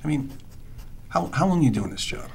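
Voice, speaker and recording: An actor playing a world-weary police detective who tells rambling, sardonic street stories. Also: male voice, medium pitch, very animated, fairly quick, a little mellow, slight background noise. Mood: teasing. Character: wisecracking world-weary male NYC cop. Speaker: police detective under evaluation. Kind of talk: film dialogue, storytelling monologue.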